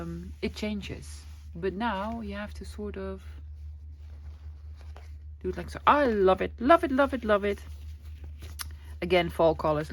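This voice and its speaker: Gushing woman. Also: medium pitch. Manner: gushing, chatty, exclaims "oi". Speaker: craft vlogger. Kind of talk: casual show-and-tell.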